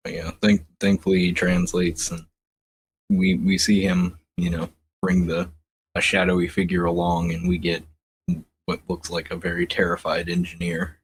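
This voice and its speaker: A laid-back man with a very low voice chats about comics on a podcast, laughing often. Faint noise hums under the recording. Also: little pitch movement, unhurried. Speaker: podcast co-host. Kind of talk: casual comic book discussion.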